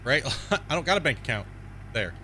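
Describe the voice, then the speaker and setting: Bright-voiced male streamer chatting casually. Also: mid-range voice, very animated, fairly quick, slight background noise. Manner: rambling storytelling, often tags "right?". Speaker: game streamer. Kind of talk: casual live-stream chat.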